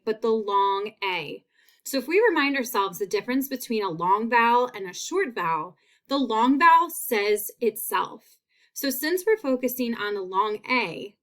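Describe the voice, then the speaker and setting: Slow, patient woman teaching phonics. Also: fairly high pitch, fairly bright tone. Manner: slow, stretches out sounds and repeats words. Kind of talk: phonics lesson.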